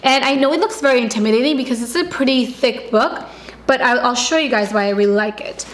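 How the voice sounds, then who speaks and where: A woman's voice: on the high side, fast. A pregnant young woman chatting casually about products she uses, filling her talk with likes and ums. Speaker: vlogger. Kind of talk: casual product review chat. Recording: echoey room.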